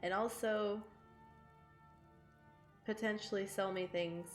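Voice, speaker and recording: Slow-talking woman streamer, scratchy throat. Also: mid-range voice. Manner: chatty, swearing, laughing often. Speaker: game streamer. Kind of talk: casual live-stream chat while playing. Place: home streaming setup. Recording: roomy echo with game music behind.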